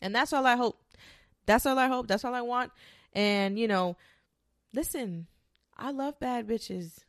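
A woman's voice: on the high side, normal speed, long pauses, no echo, studio quality. A woman hosting a podcast, talking in a blunt, emphatic, swear-heavy monologue. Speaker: podcast host. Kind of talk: casual monologue.

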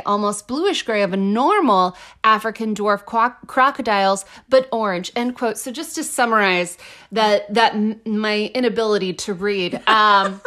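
A woman's voice: a little high, unhurried, bright, forceful tone. A woman co-hosting a podcast in casual chat, joking playfully and stumbling when she reads quotes aloud. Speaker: podcast co-host.

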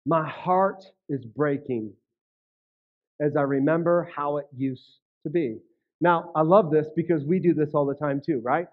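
A man with a notably high voice gives a casual, conversational sermon as a pastor. He keeps checking in with his listeners and repeats words as he gets going. The recording is slightly dull and lo-fi. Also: unhurried. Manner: conversational, frequent "right?" and "okay?" asides; repeats words when starting phrases.

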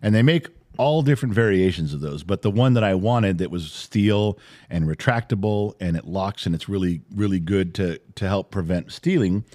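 A middle-aged man co-hosting a podcast, telling a story in casual chat, animated and swearing freely. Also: low voice, moderate pace. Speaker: podcast co-host, father.

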